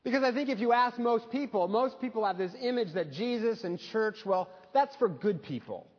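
A man pastor delivering a sermon in a church, telling stories in a relaxed, conversational way with touches of humor. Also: high voice, moderate pace, big-room sound, muffled recording. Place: church sanctuary.

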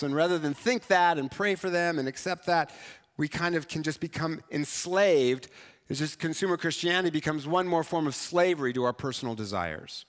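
Animated male pastor in echoing church. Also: on the high side, brisk. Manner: conversational, animated, self-mocking. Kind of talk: sermon. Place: church sanctuary. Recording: church hall reverb.

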